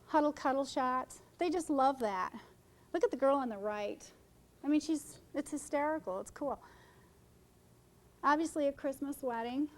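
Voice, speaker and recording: A middle-aged woman talks photographers through her wedding work in a loose, chatty seminar style. Her voice sits a little high, and she jokes with the audience and jumps from one point to the next. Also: normal speed, long pauses, rough recording. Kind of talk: informal seminar talk to photographers. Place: conference room.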